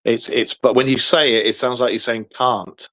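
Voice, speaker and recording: A man's voice: medium pitch, steady tone, moderate pace, fairly bright tone. A man with an English accent hosting a podcast, chatting casually, rambling and swearing freely. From England. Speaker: podcast host. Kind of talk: casual chat.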